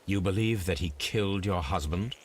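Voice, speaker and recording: An actor playing a cool, methodical detective who asks precise, measured questions in a video game. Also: male voice, sits low, a little hiss or hum, close to an everyday voice. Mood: probing. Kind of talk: video game character dialogue.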